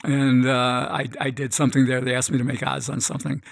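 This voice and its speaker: Gravelly man telling animated stories. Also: medium pitch, brisk, no echo. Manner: animated, acts out quoted voices. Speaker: guest, gambling expert. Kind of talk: animated storytelling. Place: podcast studio.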